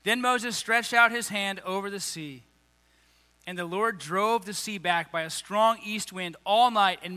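A man's voice: high-pitched, pushed and bright, big-room sound. A man preaching a sermon, reading scripture aloud and breaking into casual, emphatic paraphrase.

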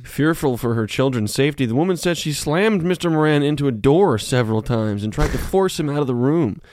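A man's voice: mid-range voice, lively intonation, fairly quick, darkish tone, no room sound. A male comedian co-hosting a podcast, reading a news story aloud in a mock-serious tone. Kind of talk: casual comedy podcast chat.

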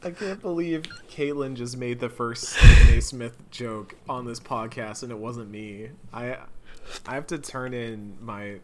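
A man co-hosting a casual gaming podcast, talking in an animated way, often laughing and slipping into mock voices for quotes. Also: mid-range voice, measured pace, slight background noise. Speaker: podcast co-host.

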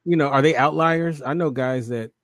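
A man's voice: on the high side, normal speed, a bit bright, dry recording. A man co-hosting a casual talk show, chatting loosely and reading viewer comments aloud, with many fillers and restarts. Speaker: co-host.

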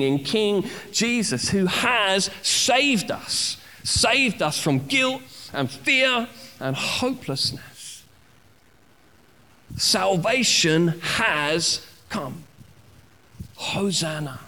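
A man preaching a Bible-study sermon, his voice bright and somewhat high for a man. He talks slowly and deliberately, and acts out cries as he teaches. The sound carries a long reverb from a large church room. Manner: teaching, with acted-out cries and repeated phrases. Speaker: pastor.

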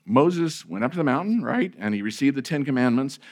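Male pastor giving a sermon, chatty, lots of ums and restarts, punches key words then trails off soft. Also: mid-range voice, expressive, fairly quick. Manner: conversational, with hesitant fillers and restarts; rising emphasis on key phrases, trailing off quietly at sentence ends.

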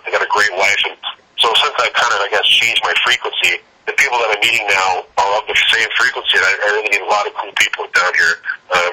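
A man's voice: fairly low pitch, sharp tone, rough recording. A man in his forties, an actor, telling stories in a casual interview and acting out his own quoted lines. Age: 40s. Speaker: actor and guest.

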